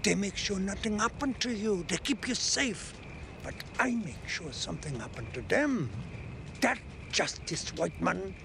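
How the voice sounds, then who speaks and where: A man's voice: high-pitched, expressive, measured pace, vocal fry, full character voice. An actor playing a stern old male fortune-teller who lays curses, menacing and hissing his threats. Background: film score music.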